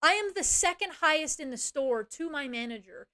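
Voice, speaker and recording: A woman with a somewhat high voice, talking casually to her stream. She rants and swears freely, stumbling over fillers and restarting her sentences. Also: lively intonation, normal speed, few pauses, bright, forceful tone. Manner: profane, ranting, lots of fillers and restarts. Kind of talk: casual venting chat.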